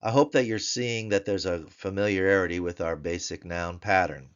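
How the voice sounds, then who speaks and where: A man teaching Biblical Hebrew grammar in a recorded lesson, explaining slowly and chanting word forms in a sing-song voice. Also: sits low, clear, resonant tone, lo-fi sound. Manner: slow, deliberate explanations.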